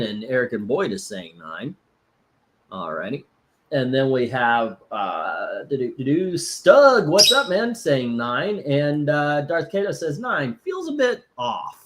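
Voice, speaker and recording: A man's voice: mid-range voice, a bit bright. A man from Florida hosting a casual live stream, rambling with lots of fillers and restarts while reading out chat. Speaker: host.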